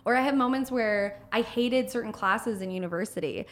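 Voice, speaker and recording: Animated, foul-mouthed woman chatting. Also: fairly high pitch, fairly quick. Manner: animated, swears freely, acts out quotes. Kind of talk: casual podcast chat.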